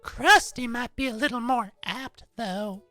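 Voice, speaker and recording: A man voicing a blunt, snarky young woman in a high falsetto. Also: a little slow, bright, forceful tone, faint music behind, heavily acted.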